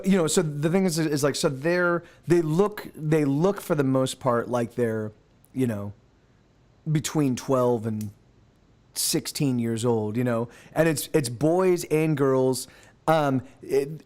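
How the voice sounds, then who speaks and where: A man's voice: a little high, unhurried, a little mellow. Rambling man running a tabletop game. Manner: rambling, with many restarts. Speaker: game master.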